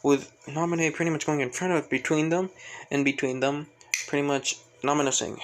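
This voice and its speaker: A man's voice: fairly high pitch, steady tone, a little fast, slight background noise, rough recording. A man casually retelling a fan fiction story, rambling and repeating fillers. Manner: rambling, fills with "pretty much".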